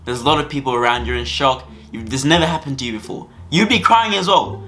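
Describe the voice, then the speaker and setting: A man's voice: medium pitch, expressive, quick pace, fairly bright tone. A young man telling a school story to camera in a rambling, casual way, full of fillers and repeats. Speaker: vlogger.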